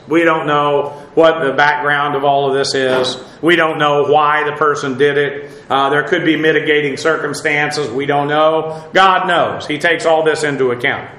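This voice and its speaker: A man preaching a verse-by-verse lesson in a bright, fairly high voice. He talks slowly and haltingly, with frequent pauses and filler sounds, and spells out Greek terms letter by letter. The sound rings around an echoey church hall. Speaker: pastor. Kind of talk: expository Bible teaching.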